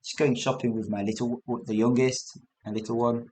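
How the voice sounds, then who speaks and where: A man's voice: medium pitch, little pitch movement, a little fast, a little mellow. A man from England with an English accent, hosting a chatty English lesson podcast, rambling, correcting himself and laughing often. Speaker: English teacher podcast host. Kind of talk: casual spoken English lesson.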